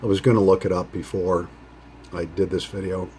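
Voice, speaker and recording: A man hosting a pipe-smoking vlog, chatting casually in a rambling, halting way with many fillers. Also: sits low, flat delivery, mellow, a little hiss or hum. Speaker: pipe-smoking channel host.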